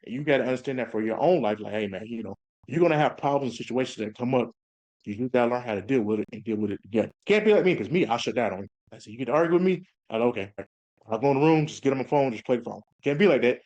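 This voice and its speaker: A man in his thirties speaks quickly as an interview guest, a police officer who tells his stories candidly. He slips into the voices of the people he quotes, and his pitch sits in an ordinary middle range. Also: muffled recording. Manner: animated storytelling, acts out quotes. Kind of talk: casual interview talk.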